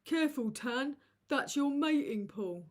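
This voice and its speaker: A woman's voice: sits high, lively intonation, unhurried. A woman hosting a casual livestream and reading out super chats, crude and sardonic as she roasts people. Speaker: livestream host.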